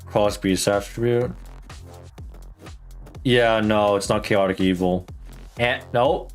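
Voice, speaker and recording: A man's voice: on the low side, fairly even intonation, slow pace, faint music behind. A man streaming a game, thinking aloud in casual, slangy chat with plenty of swearing. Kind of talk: casual gameplay commentary.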